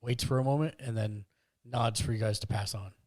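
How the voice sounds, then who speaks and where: A man acting as game master, narrating a tabletop game with quick practical asides. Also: mid-range voice, fairly even intonation, a little mellow, no echo.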